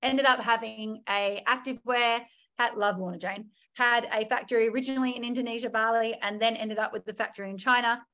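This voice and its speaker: A woman's voice: fairly high pitch, a little fast. A woman in her thirties, a podcast guest telling her personal story candidly and acting out her own past thoughts. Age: 30s. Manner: animated, acts out her own past thoughts in quoted voices.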